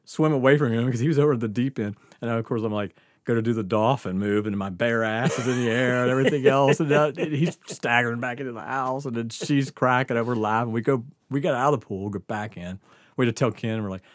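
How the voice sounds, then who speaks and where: A man's voice: medium pitch, quick pace, dry recording, studio quality. A man telling a rambling, laugh-filled story as a podcast guest, swearing freely and stumbling over his words. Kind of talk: casual storytelling.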